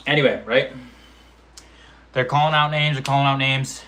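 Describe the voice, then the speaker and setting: A man's voice: medium pitch, fairly even intonation, moderate pace, long pauses, a bit bright, a little hiss or hum. A man in his twenties telling a casual, profane story about his amateur fight, acting out quotes and sound effects. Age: 20s. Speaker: amateur MMA fighter vlogger.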